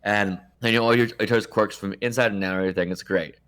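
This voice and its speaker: A man's voice: on the low side, steady tone, quick pace, a bit bright, clear, resonant tone. A man co-hosting a podcast, chatting casually and quoting movie lines in playful voices. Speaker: podcast co-host. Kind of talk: casual chat.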